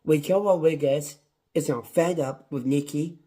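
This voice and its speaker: A man's voice: on the high side, unhurried, warm tone. A man reviewing a wrestling show on his own, in a passionate, repetitive rant. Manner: impassioned, ranting, repetitive. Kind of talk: casual solo review.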